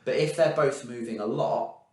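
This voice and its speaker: A man's voice: medium pitch, normal speed, a little mellow. A man giving a student encouraging piano practice tips, singing rhythms as "da" and demonstrating at the keys. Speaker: piano teacher. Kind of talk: recorded practice feedback. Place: room with a piano. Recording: very echoey room, mic far off. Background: piano playing.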